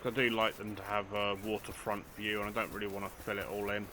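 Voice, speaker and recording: Older man, low pitch, chatty self-mocking let's play commentary, clear background noise. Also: little pitch movement, fast talker. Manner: chatty, self-mocking, dry humour, talks to game characters. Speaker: gaming channel host.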